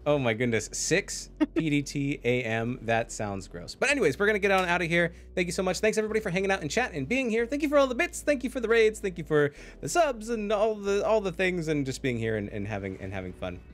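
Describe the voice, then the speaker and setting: A man's voice: high voice, lively intonation, fast, few pauses. A man casting an esports match live, chatty, laughing often and thanking his chat. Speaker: esports caster. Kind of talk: casual live stream commentary.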